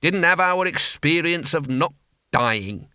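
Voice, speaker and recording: Man playing a rough bloodthirsty old barbarian. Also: on the high side, expressive, slow, bright, forceful tone, no echo, clean studio sound, voice pushed up, full character voice. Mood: gruff.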